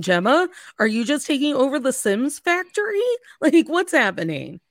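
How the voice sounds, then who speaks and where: A woman co-hosting a casual film chat, lively and joking, with casual swearing. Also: high voice, normal speed, few pauses, no echo, clean studio sound. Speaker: podcast co-host.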